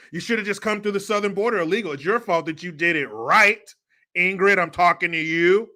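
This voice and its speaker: Male stream host for a sarcastic live rant; high voice, heavy mockery, swears freely. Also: bright, forceful tone. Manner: sarcastic, mocking, profane ranting. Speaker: livestream commentary host.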